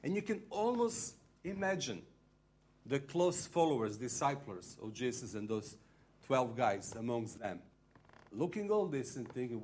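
A man preaching a sermon, retelling a story with lively acted-out crowd voices and slightly phrasing. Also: medium pitch, measured pace. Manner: animated storytelling, acting out crowd voices, non-native phrasing.

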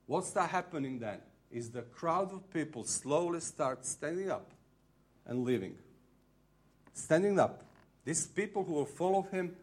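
A man preaching a sermon, retelling a story with lively acted-out crowd voices and slightly phrasing. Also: sits high. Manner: animated storytelling, acting out crowd voices, non-native phrasing.

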